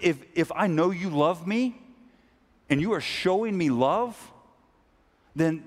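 Casual, halting pastor in a reverberant hall. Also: male voice, mid-range voice. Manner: casual, halting, with many restarts and acted-out asides. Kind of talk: conversational sermon. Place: church service.

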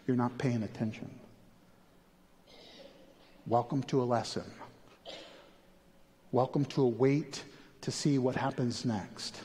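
A male pastor delivering a sermon, moving between quiet questions and animated, urgent pleading. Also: medium pitch, in a large hall.

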